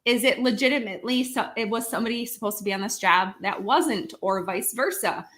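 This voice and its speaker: Bright-voiced woman explaining office work. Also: on the high side, fairly quick. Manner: explanatory, talks with her own examples. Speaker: co-host handling office and numbers. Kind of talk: casual live stream chat.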